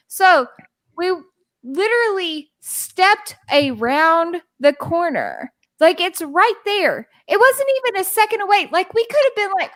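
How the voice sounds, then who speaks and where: A woman co-hosting a podcast, telling a story in casual chat, animated and exasperated, swearing and acting out what others said. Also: very high-pitched, measured pace, no room sound, low-quality recording. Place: podcast recorded live with co-hosts.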